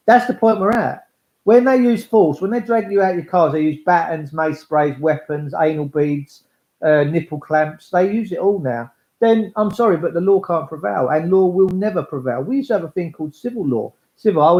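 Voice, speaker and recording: A man's voice: sits high, lively intonation, normal speed, warm tone. A man talking in a rambling monologue, blunt and coarse, swearing freely and acting out voices. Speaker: speaker addressing listeners. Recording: echoey, dull lo-fi recording.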